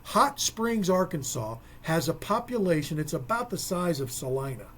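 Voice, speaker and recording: A man's voice: a little high, sing-song, normal speed, fairly bright tone. A man co-hosting a local sports radio show, talking casually with folksy, rambling asides.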